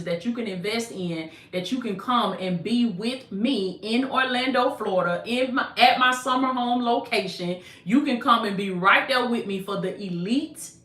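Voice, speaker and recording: Bright-voiced Southern woman preacher. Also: medium pitch, roomy sound. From American South. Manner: repetitive, calls listeners baby, decrees in Jesus' name. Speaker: motivational preacher and coach. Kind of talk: prophetic declarations and livestream pitch.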